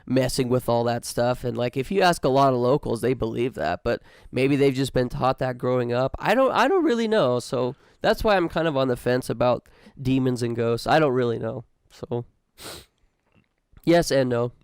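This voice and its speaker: A man's voice: medium pitch, moderate pace, clear, resonant tone, no echo, studio quality. A man co-hosting a casual podcast, telling stories in a laid-back way and calling his friends dude and man. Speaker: podcast co-host. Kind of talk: casual chat.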